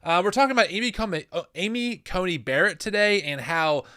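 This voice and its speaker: Male podcast co-host, joking, bright tone, close dry mic. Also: high-pitched, brisk, clean tone, dry recording. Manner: joking, laughs often. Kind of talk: casual chat.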